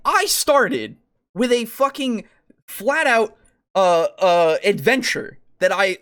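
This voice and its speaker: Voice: medium pitch, fairly bright tone. Exasperated, swearing podcast co-host. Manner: reads comments and quotes aloud. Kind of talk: casual podcast discussion.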